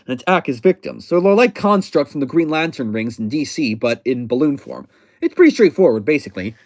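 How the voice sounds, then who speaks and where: A man's voice: medium pitch, big pitch swings, a little fast, dry recording. A man casually recapping a comic book, rambling and often correcting himself mid-sentence. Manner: rambling, self-correcting, chatty.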